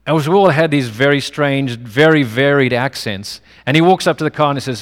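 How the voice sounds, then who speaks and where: Brisk and barely pausing, a mid-range male voice carries a sermon full of personal anecdotes, delivered in a conversational style. The preacher's English accent is non-American, and the recording has long hall reverb.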